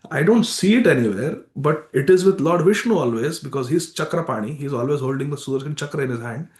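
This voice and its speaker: A man's voice: on the high side, expressive, fast talker, darkish tone. Emphatic man teaching in an echoey temple. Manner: emphatic storyteller, exclaims devotional calls. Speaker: scripture class teacher. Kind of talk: morning scripture class storytelling. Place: temple hall.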